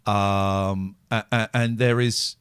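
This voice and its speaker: Exhausted and drained, a middle-aged podcast host talks openly and emotionally, swearing heavily in a raw manner. His voice is lowish, steady, slow, a bit bright, and smooth, with clean studio sound and no room noise.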